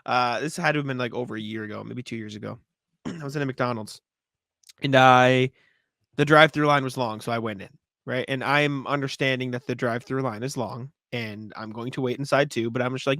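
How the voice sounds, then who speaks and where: A man's voice: medium pitch, fast talker, dry recording, clean studio sound. A man co-hosting a podcast in casual chat, telling stories with plenty of swearing. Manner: profane, animated storytelling. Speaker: podcast co-host.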